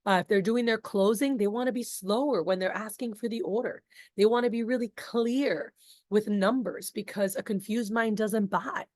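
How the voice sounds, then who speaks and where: A woman coaches a group of sales reps. She is talkative and animated, with casual asides. Her voice sits at a middle pitch and sounds close and dry, with no room echo. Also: normal speed. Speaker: sales trainer. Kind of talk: energetic group training talk.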